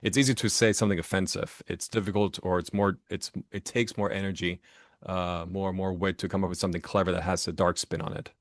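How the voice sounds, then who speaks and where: In Las Vegas, a man with a fairly low voice is interviewed about his writing and tells stories animatedly, often restarting phrases and acting out what people said. It's a casual storytelling interview with an author guest. The brisk recording is dry and close to the mic.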